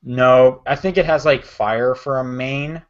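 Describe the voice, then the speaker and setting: A man's voice: medium pitch, steady tone, a little slow. A man co-hosting a podcast in casual chat, rambling with lots of fillers and self-corrections. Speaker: podcast co-host. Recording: dull lo-fi podcast audio.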